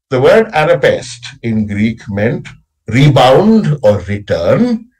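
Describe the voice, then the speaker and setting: A man's voice: mid-range voice, darkish tone, slightly rough, low-quality recording. A man lecturing on poetic meter at a college workshop, explaining patiently and checking in with a frequent "right?". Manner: explanatory, frequent tag "right?", recites lines with exaggerated stress.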